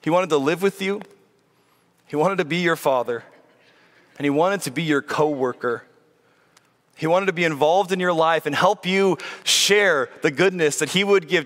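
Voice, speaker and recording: A man's voice: a little high, fairly bright tone. A man preaching a sermon, earnest and pleading, asking the congregation one rhetorical question after another. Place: church sanctuary. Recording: long reverb of a church hall.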